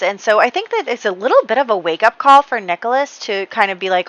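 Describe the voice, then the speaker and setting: Bright-voiced chatty woman game host. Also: fairly high pitch, very animated, fast talker, hardly any pauses, no room sound, rough recording. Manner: chatty, many fillers and light laughs. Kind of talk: casual gameplay storytelling.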